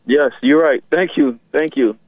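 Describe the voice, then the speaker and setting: A man's voice: fairly high pitch, a little slow, dry recording. A man calling in to a talk show, talking eagerly and rambling about his troubles. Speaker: caller. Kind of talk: phone call to a talk show. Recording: tinny phone line.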